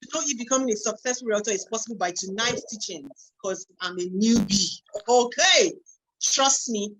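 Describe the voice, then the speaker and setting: A woman with a Nigerian English accent hosting a live online meeting over a computer mic, chatty and lively, reading out audience comments as they come in. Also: fairly high pitch, moderate pace, rough recording.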